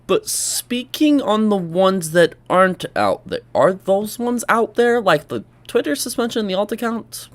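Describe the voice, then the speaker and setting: The young commentary host here has a voice that sits high, and he speaks unhurriedly with few pauses. Reacting casually, he's animated, exclaiming, joking with viewers, and dropping sarcastic asides.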